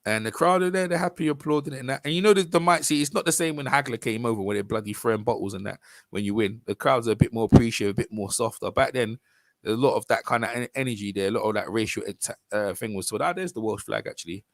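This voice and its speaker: A man's voice: mid-range voice, fast talker, no room sound. A man with a London accent hosting a boxing channel, talking casually and rambling over a fight video. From London, England. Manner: rambling, informal, with frequent restarts and fillers.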